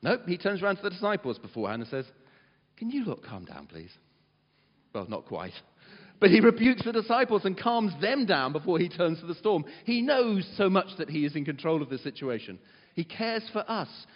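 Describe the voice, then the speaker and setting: A man preaching a sermon, animated and dramatizing quotes. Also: on the high side. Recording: muffled sound with long hall reverb.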